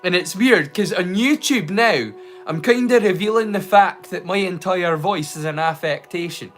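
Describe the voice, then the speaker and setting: Scottish guy on a live watch-along stream, kinda high voice, rambly and silly, bit of quiet music behind. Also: normal speed. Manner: playful and rambling, slipping into silly rhymes and jokes. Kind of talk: casual livestream chat.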